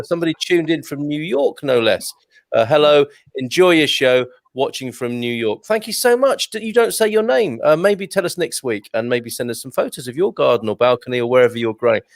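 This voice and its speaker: A chatty man hosts a casual online show from home, reading viewer messages aloud and laughing easily. His voice is mid-pitched and sits close and dry on a video-call mic. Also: vocal fry, no room sound. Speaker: host.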